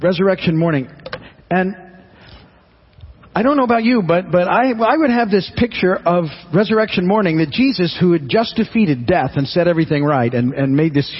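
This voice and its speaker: A man's voice: high voice, expressive, normal speed, breathy edge, dull audio. A man preaching a sermon in an earnest, conversational way, often restarting and repeating his words. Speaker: pastor.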